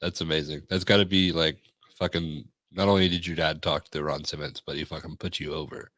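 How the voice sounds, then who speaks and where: Male podcast host, very low voice, relaxed and swears a lot, dry close-mic sound. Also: a little fast, no room sound. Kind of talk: casual podcast chat.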